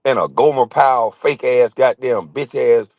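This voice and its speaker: A man's voice: medium pitch, normal speed, creaky, a little mellow, no echo. A middle-aged man hosting his own channel, ranting to camera in a confrontational, constantly swearing monologue. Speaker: channel host.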